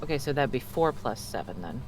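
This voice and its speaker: A medium-pitched man speaks briskly and with animation, with slight background noise around him. He's a player in a casual tabletop game, chatty and apologetic, double-checking the rules while rolling, and he clears his throat and chokes on mucus.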